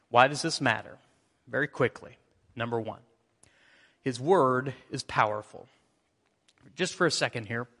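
A man's voice: medium pitch, a bit bright. A man preaching a sermon, reading scripture aloud and drawing in his congregation. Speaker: pastor. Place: church sanctuary. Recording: church sanctuary reverb.

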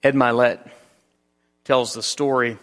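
A man's voice: medium pitch, fairly even intonation, a bit bright. Man preaching in a reverberant hall. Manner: earnest preaching with repeated restarts and slow emphatic phrases. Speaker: pastor. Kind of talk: sermon. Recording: long reverb of a large hall.

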